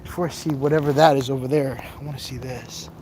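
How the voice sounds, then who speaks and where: A man's voice: mid-range voice, fairly even intonation, fast, warm tone, slight background noise. A tired man chatting casually on a phone live stream while he explores outdoors, rambling, joking and reading viewer comments aloud. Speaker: livestream host exploring outdoors. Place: outdoors on rough open ground. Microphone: phone camera held while walking.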